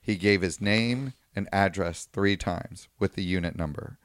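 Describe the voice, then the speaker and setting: A man's voice: sits low, unhurried, clean tone, no echo, studio quality. A man co-hosting a podcast, recounting a news story at length in casual talk and paraphrasing what people said. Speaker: podcast co-host.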